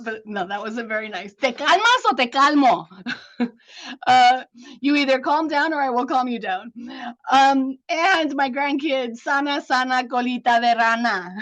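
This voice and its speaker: A woman's voice: sits high, fairly bright tone. A grandmother presenting to an online group over a video call, laughing often and mixing Spanish sayings into her talk. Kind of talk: online talk with a poem reading.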